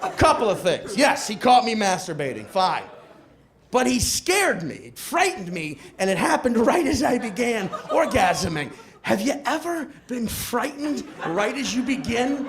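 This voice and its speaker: A young man telling a stand-up comedy story, animated and acting out characters with shouted outbursts, recorded live with a laughing audience. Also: very high-pitched, unhurried. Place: comedy club stage. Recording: live club with crowd laughter.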